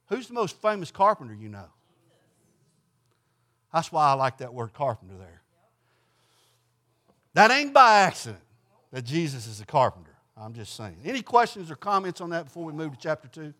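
A man's voice: a little high, very animated, moderate pace, pauses often, sharp tone. A man leading an informal Bible study class in a folksy way, putting questions to the group and answering them himself.

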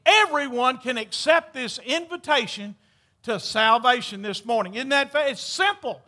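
A man, preaching a sermon with impassioned calls that drop to hushed storytelling. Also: very high voice, animated, moderate pace. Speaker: pastor.

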